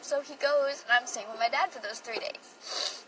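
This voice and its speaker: On a phone livestream, a young woman tells a personal story in an emotional, wandering way, leaning heavily on "like." Her voice sits high and moves at a normal speed, picked up from a distance with faint background noise.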